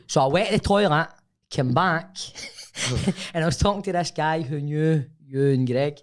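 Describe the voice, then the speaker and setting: A man's voice: on the high side, normal speed. A Scottish man, a podcast co-host, telling a long story in casual chat and often laughing through it.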